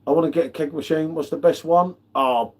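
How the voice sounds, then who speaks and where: A man's voice: fairly high pitch, steady tone, brisk. A man hosting a live beer tasting, chatting casually with matey banter and greeting viewers by name. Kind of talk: casual live-stream chat.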